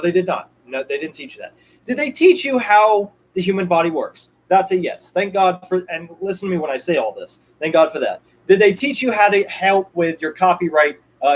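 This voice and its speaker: A man's voice: fairly high pitch, low-quality recording. A young man streaming a ranting monologue, emphatic and repetitive, swearing now and then. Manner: emphatic, repeats himself, swears.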